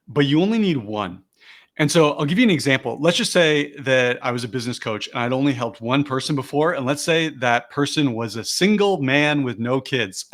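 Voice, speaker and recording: In a mid-range, fairly bright voice, a man conducts a live sales lesson on a video call. He describes each step and follows it by modeling the lines he teaches.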